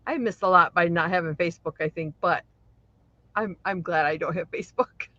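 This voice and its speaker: A woman co-hosting a live stream, chatting and reacting with quick exclamations and laughs. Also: fairly low pitch, bright, forceful tone, dry recording. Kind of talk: casual chat. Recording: dull lo-fi stream audio.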